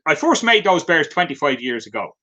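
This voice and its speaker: An Irish man in his fifties rambles happily about his work in a casual live-stream chat, with a fairly high, bright, forceful voice. The audio is dull and lo-fi, like a live stream. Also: very animated, fairly quick. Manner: rambling and chatty, laughs often. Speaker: craftsman selling his work.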